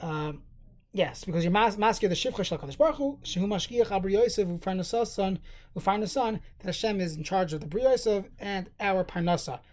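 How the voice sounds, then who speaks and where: Guy teaching a halacha class, reads the hebrew then explains it in english, steady and patient. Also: sits high, brisk. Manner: steady explanatory tone with fillers and restarts. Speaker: Torah teacher. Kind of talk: halacha study lesson.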